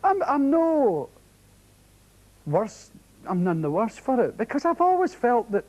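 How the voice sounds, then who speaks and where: A Scottish man doing a stand-up storytelling set, lively and animated, often mimicking others in sharp high voices. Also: a little slow, lo-fi sound. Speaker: comedian. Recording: 1980s TV audience show, loud crowd and noise. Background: loud audience laughter.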